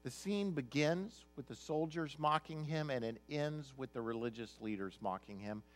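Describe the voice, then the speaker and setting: A man's voice: medium pitch, normal speed, soft background music. A male pastor preaching a sermon, reading scripture aloud and then explaining it in an emphatic, conversational way.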